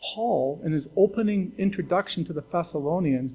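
A man's voice: on the high side, normal speed, few pauses, a little mellow, breathy edge, poor audio. A man pastor delivering a conversational, earnest sermon to his church, with fillers and restarts.

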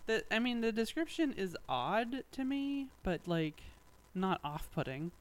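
A man's voice: high-pitched, very animated, unhurried, rough recording. A man co-hosting a casual podcast chat, reading a press statement aloud with wry asides and frequent laughs. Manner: wry, laughs often, drifts off mid-sentence. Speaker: podcast co-host.

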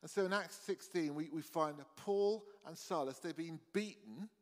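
Man preaching, slightly high voice, conversational and earnest, long hall reverb. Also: moderate pace. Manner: conversational, earnest, with frequent restarts and "you know". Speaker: pastor. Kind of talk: sermon. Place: church hall.

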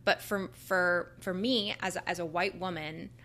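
A young woman in a casual conversation, talking earnestly and haltingly, full of likes and restarts. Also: on the low side, fairly even intonation, sharp tone.

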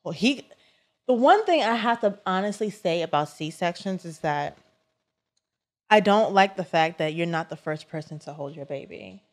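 Animated young woman telling a story. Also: lowish voice, moderate pace. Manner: animated, lots of "like" fillers. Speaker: podcast co-host. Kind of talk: casual storytelling chat.

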